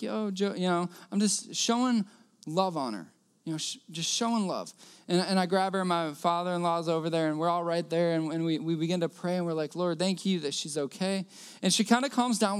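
A man's voice: high voice, a little fast, smooth. A man preaching a sermon, telling a personal story earnestly and repeating key phrases.

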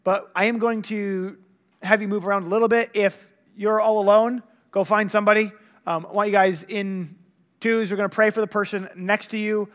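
High-voiced man preaching a lively story sermon. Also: moderate pace. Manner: animated storytelling, acting out dialogue.

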